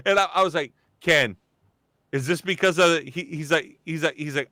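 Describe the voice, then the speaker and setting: Comedian type, man, sharp and crisp tone, animated storyteller, dry close mic. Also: fairly high pitch, moderate pace, no echo. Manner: animated storyteller acting out quoted voices. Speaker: comedian and voice actor. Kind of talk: casual storytelling chat.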